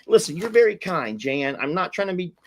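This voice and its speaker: A man's voice: high voice, big pitch swings, fairly quick. A man hosting a casual live stream from home, chatty and giggly, rambling with frequent restarts. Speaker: livestream host. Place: home, indoors.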